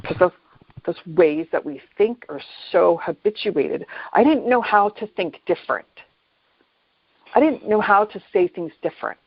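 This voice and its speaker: A man hosting a reflective solo talk on mindfulness, unhurried and thoughtful, often pausing and restarting his phrases. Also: high voice, expressive, gravelly, dry recording. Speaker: podcast host. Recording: dull lo-fi dry recording.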